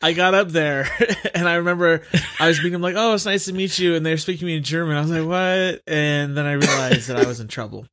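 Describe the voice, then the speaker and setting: Male podcast co-host, slightly high voice, halting, sheepish storytelling. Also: fairly even intonation, a bit bright. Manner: halting, self-deprecating, with nervous laughs. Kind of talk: casual storytelling.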